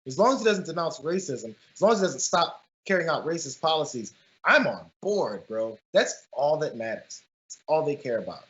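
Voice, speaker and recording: A man's voice: fairly high pitch, expressive, a little fast, a bit bright. A man co-hosting a political commentary show, talking emphatically and often restarting his phrases. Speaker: co-host. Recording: dull lo-fi sound.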